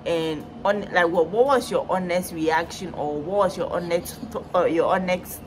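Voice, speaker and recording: A young woman, loud and playful in casual chat. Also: on the low side, normal speed, slight background noise, low-quality recording. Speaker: guest co-host.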